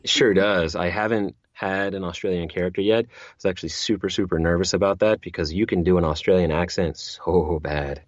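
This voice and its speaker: A man's voice: sits low, fairly even intonation, a little fast, hardly any pauses, no echo, highs cut off. A man who narrates audiobooks, chatting as an interview guest, rambling with many restarts and repeated words. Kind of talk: casual interview chat.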